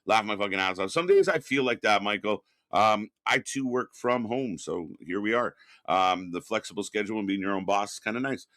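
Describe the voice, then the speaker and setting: A man's voice: fairly low pitch, brisk, hardly any pauses, a bit bright, no echo. A middle-aged man hosting a live stream from home, casually chatting, reading viewer messages and greeting people, with lots of fillers and some swearing. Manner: reads chat messages aloud and greets viewers; rambling with frequent fillers and restarts. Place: home studio.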